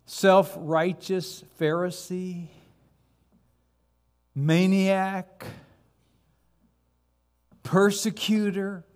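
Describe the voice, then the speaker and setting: A man preaching from the pulpit, his voice sitting a touch high for a man. He builds his points dramatically, stacking short words and punching each one. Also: little pitch movement, extremely slow, long pauses, a little mellow. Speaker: pastor. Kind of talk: sermon.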